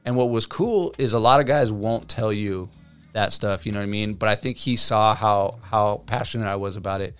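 A man's voice: on the low side, moderate pace, clear, resonant tone, faint music behind. A man in his thirties, a tattoo artist guest, telling his story casually and acting out what people said. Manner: animated storyteller, acts out quotes, many fillers.

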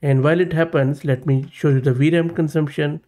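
A man's voice: fairly high pitch, fairly even intonation, brisk, mellow. A man hosting a tech tutorial, explaining a demo casually and thinking aloud. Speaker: tech channel host.

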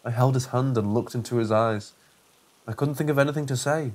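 A man's voice: medium pitch, fairly quick, darkish tone. Man reading a first-person horror story.

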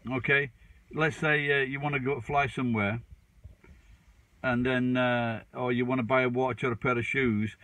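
A man's voice: medium pitch, a little fast, fairly bright tone, low-quality recording. A man in his fifties chatting casually to camera as a vlogger, rambling with restarts and poking fun at himself. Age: 50s. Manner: rambling, with frequent restarts and fillers.

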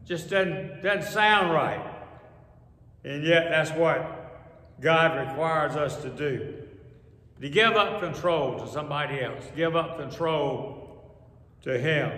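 A man's voice: fairly high pitch, sharp tone. Man preaching in an echoey church. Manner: slow, repeating key phrases for emphasis. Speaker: pastor. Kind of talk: sermon. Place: church sanctuary. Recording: echoey hall with long reverb.

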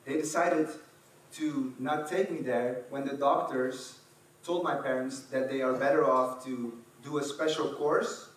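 A man from the Netherlands, telling a lively personal story to an audience and acting out the scenes. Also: medium pitch. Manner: animated, acts out scenes, fillers and restarts. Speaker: speaker. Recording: echoey hall from far off, faint ambience.

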